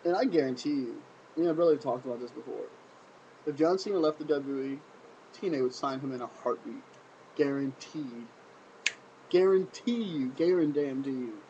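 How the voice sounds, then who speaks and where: A man giving a casual solo wrestling review, animated and repetitive, full of sarcastic rhetorical questions. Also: mid-range voice, brisk, lo-fi sound, slight background noise.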